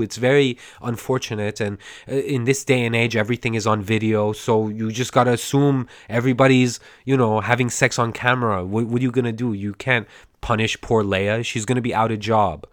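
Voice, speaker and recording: A man's voice: medium pitch, a bit bright, no room sound, clean studio sound. A man hosting a podcast, recapping a movie in a rambling, digressive way, stammering and acting out the characters' lines, his throat a bit scratchy. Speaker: podcast host.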